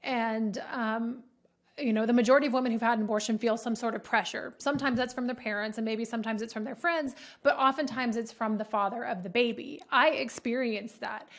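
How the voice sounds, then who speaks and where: A woman host with a slightly raised pitch talks in an earnest, personal way. She speaks openly, and her emotion comes through as she talks. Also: fairly even intonation, fairly quick, hardly any pauses, a bit bright. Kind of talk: interview conversation.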